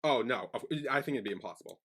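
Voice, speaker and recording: Lively young man chatting on a podcast. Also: fairly low pitch, fast, breathy edge. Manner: rambling, filler-heavy, animated. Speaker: podcast co-host. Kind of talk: casual chat.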